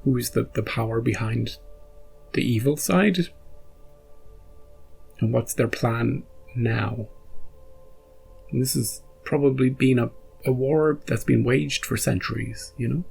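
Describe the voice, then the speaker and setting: A man's voice: medium pitch, slow, creaky, pauses often, darkish tone, husky, faint music behind. A man hosting a reaction video, chatting casually and rambling after an episode, often restarting and chuckling.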